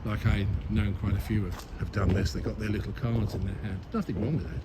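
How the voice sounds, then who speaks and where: A man's voice: on the low side, level tone, brisk. A man chatting on a live stream as he walks through a city, laughing at himself often, into a phone-mounted mic. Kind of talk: casual live-stream chat while walking. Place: city streets outdoors, traffic passing. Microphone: phone-mounted mic on a gimbal. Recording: loud outdoor street noise.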